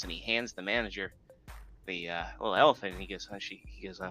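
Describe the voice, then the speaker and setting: Bright-voiced man rambling on a live show. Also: sits low, highs cut off, faint music behind. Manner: rambling, halting joke-telling with many fillers. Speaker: podcast co-host. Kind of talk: casual live-stream chat.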